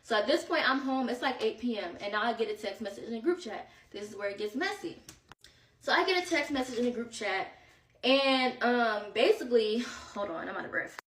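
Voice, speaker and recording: A young woman telling a story in a casual storytime vlog, animated and exasperated as she recounts it. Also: a little high, a little fast, a little hiss or hum. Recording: echoey room, far from the mic.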